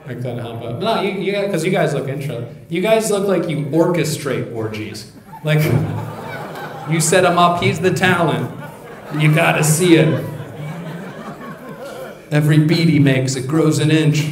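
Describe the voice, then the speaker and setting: A man's voice: on the high side, measured pace, long pauses. A male stand-up comedian doing crude, teasing crowd work, riffing off people in the audience. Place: live comedy venue. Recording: echoey room with crowd. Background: audience laughing.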